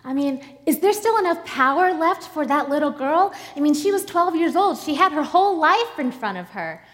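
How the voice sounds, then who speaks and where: A woman's voice: high voice, lively intonation, normal speed, long reverb tail, pitched above the performer's own voice. A woman preacher voicing a flustered, nervous onlooker in a crowd who stammers and hesitates.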